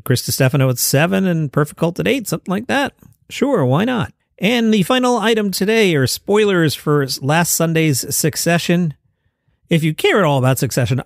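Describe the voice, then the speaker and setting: A man's voice: on the high side, dry recording, studio quality. A man hosting a podcast news roundup in a casual, wry manner, reading out headlines. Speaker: podcast host.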